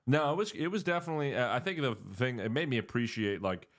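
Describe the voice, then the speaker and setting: A man's voice: mid-range voice, quick pace. A young man from New Jersey, hosting a podcast and telling laid-back stories full of filler words. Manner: relaxed storytelling with laughs and filler words. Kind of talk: casual chat.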